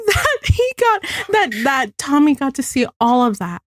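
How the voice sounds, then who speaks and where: A woman co-host with a high voice that swoops widely, talking slowly and giggling through her reactions to a TV episode. The sound is dry and close. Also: a bit bright, dry recording. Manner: emotional, giggly, swears. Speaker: podcast co-host. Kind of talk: casual chat recapping a TV episode.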